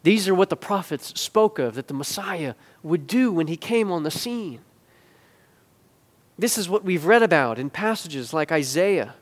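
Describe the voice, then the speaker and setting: A man preaching a sermon, building from quiet explanation to loud, emphatic peaks and back to hushed asides. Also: fairly high pitch, expressive, unhurried, long reverb tail. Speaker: pastor.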